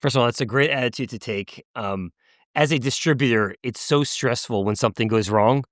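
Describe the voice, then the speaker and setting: Guy hosting a podcast, average pitch, keeps praising and asking follow-ups, no room echo. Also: a little fast, clean studio sound. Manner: affirming, enthusiastic interviewer. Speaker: podcast host, interviewer. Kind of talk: conversational podcast interview.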